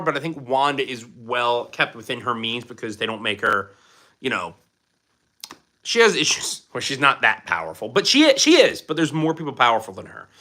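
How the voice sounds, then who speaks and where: Animated, bright-voiced young man streaming. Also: medium pitch. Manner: joking, excitable, answers chat questions. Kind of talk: casual live stream chat. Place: at home.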